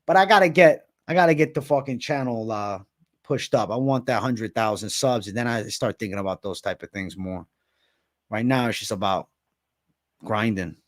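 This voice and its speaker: A man's voice: fairly low pitch, moderate pace. A man in his twenties hosting a casual livestream, hyped and profane, heavy on slang. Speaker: livestream host.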